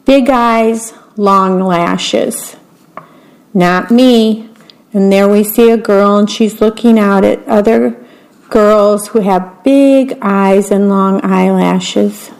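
A woman reading picture books aloud in a gentle manner, describing the pictures as she goes. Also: mid-range voice, fairly even intonation, slow, creaky, low-quality recording. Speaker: read-aloud storyteller.

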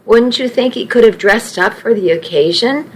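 A woman's voice: fairly high pitch, normal speed, husky. A woman voicing a nosy, gossipy little old lady who tuts at the young.

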